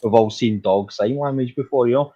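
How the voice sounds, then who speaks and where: Husky man, middle-aged, casual group chat, animated swearing storyteller, dull lo-fi sound. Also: mid-range voice, fairly quick. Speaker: chat participant.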